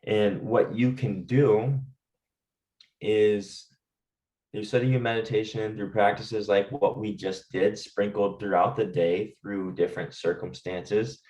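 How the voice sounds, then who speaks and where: A man calmly teaching stress management and guiding listeners through breathing exercises, often checking in with "right?". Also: on the low side, takes it slowly, reverberant, distant mic, low-quality recording. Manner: calm, talks directly to listeners with fillers and "right?". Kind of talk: guided lesson with breathing exercises.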